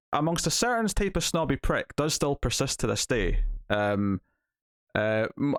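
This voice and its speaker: A man's voice: mid-range voice, no room sound, studio quality. A Scottish man co-hosting a casual TV review chat, talking animatedly. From Scotland. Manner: animated, acts out quotes in put-on voices. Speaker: TV review co-host.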